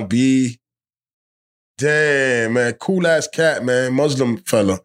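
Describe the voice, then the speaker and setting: A man's voice: mid-range voice, slow pace. A young man hosting a podcast outdoors, talking loosely in slang and swearing, sometimes ranting. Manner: loose, profane, animated rants with slang. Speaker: podcast host. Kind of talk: casual chat. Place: outdoors in the cold.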